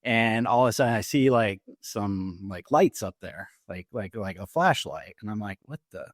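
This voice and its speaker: A middle-aged man, an Army veteran, telling his own story as a podcast guest, in a halting way with many fillers and restarts. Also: on the low side, animated, dry recording, clean studio sound. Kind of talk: personal story told in an interview. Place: podcast studio.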